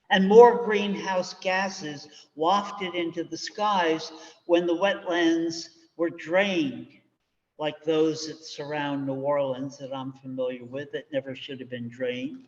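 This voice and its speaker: A male minister giving a measured, reflective sermon from the pulpit. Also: a little high. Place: church sanctuary. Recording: dull recording with long church reverb.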